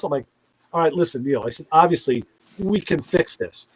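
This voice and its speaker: A man's voice: fairly high pitch, moderate pace, slightly rough, low-quality recording. A middle-aged man telling a long anecdote in casual chat, acting out the voices of the people in it. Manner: animated storyteller who acts out quoted voices.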